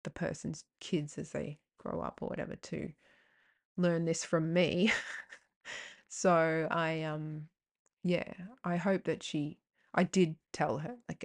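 A woman's voice: sits low, flat delivery, takes it slowly. A woman hosting a podcast, talking frankly in a rambling way, with swearing, fillers and tangents. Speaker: podcast host. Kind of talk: candid personal podcast monologue.

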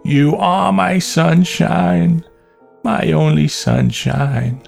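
A man voicing a drunk, despairing grown man who pleads and sings hoarsely and miserably. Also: mid-range voice, animated, unhurried, faint music behind, voice pushed up, close to an everyday voice. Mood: miserable.

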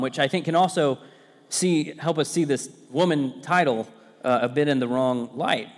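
A man's voice: a little high, normal speed, long reverb tail. A man, a pastor, giving a conversational sermon full of personal stories, with frequent fillers and restarts.

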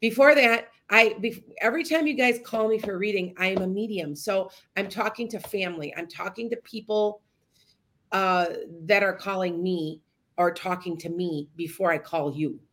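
A woman's voice: mid-range voice, normal speed, a bit bright. A woman hosting a podcast as a psychic medium, telling stories to her listeners in a casual, rambling way with many restarts and asides. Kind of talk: casual storytelling monologue.

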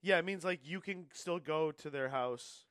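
A man, a stand-up comedian, telling stories in casual podcast chat and breaking into loud character voices. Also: a little high, moderate pace, no echo.

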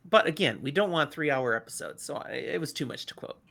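A woman co-hosting a casual book discussion podcast, retelling the story in an animated way. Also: low voice, brisk, creaky. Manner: animated retelling, playful voices in quotes. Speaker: podcast co-host.

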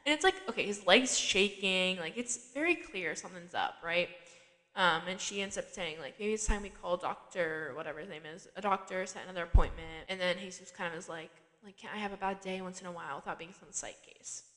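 A woman's voice: fairly low pitch, brisk, sharp tone, in a large hall. A woman hosting a podcast, recapping a TV episode in casual, chatty talk, laughing often and filling her speech with "like". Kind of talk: casual chat.

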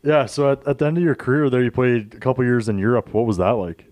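A man's voice: medium pitch, steady tone, fast talker, a little mellow, dry recording. A man hosting a casual podcast interview, adding brief agreement and easy laughs before asking his questions. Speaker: podcast host.

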